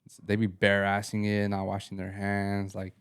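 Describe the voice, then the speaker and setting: A man's voice: on the low side, monotone, normal speed, clean tone. A young man co-hosting a podcast, telling slangy, laid-back stories. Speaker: podcast co-host. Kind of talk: casual chat.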